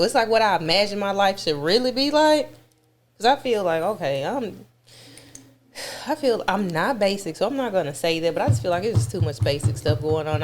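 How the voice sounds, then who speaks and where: Woman, lower voice, effusive, casual talk, repeats words. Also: a little hiss or hum. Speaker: guest describing her experience. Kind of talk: casual conversation.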